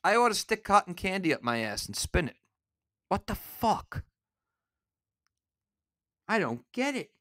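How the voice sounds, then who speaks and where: Angry man ranting, lively swinging pitch. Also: a little slow, pauses often, dry recording, studio quality. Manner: angry, profane, shouting rant. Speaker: podcast host. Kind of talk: solo ranting podcast.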